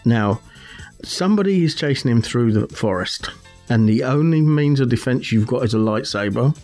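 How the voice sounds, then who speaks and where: A man's voice: mid-range voice, expressive, normal speed, darkish tone, faint music behind. A man co-hosting a casual podcast chat, laughing often and explaining his points with examples. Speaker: podcast co-host.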